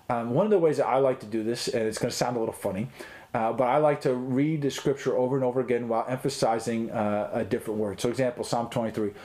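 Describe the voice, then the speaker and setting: A man's voice: medium pitch, a little mellow. A middle-aged man teaching as a pastor in a recorded online talk, earnest and conversational, with frequent ums and restarts.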